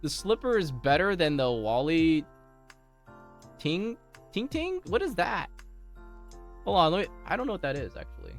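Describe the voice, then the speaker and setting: Lively, laughing male streamer. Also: a little high, moderate pace, long pauses, soft background music. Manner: rambling, laughs often, many restarts. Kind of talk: casual chat with stream chat.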